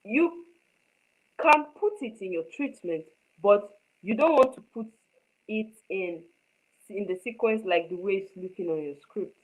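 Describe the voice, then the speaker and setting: A woman's voice: medium pitch, lively intonation, measured pace, pauses often, poor audio. A woman teaching screenwriting in a live online class, stressing her points with repetition and often checking whether her students understand. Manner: emphatic, repeats points, asks students if they understand.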